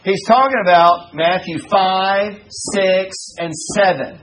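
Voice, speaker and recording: A man preaching at an unhurried pace, drawing words out, in a folksy, joking way. He swings between raised preaching and low conversational asides, with a faint hum of room noise behind him. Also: fairly even intonation, a bit bright, low-quality recording. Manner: folksy and joking, often saying "you know". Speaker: pastor teaching a Bible study. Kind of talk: conversational Bible teaching.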